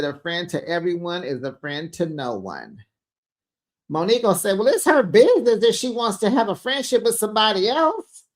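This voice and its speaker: A chatty host gives a casual recap of a reality show, acting out the cast's lines as she goes. The voice sits at a middle pitch, and she keeps calling listeners besties and honey. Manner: chatty, retells scenes acting out quotes.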